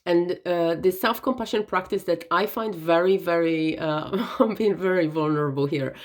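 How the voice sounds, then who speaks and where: Low-voiced woman giving gentle self-help talk. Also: normal speed. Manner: gentle, earnest, repeats "right?" and "okay?". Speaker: wellness vlogger.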